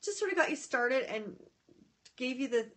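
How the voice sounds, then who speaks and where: A woman hosting a casual live stream from her phone or tablet. She chats in a scattered, excitable way, greets viewers by name and often breaks off mid-sentence. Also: high-pitched, normal speed. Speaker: livestream host reading viewer comments.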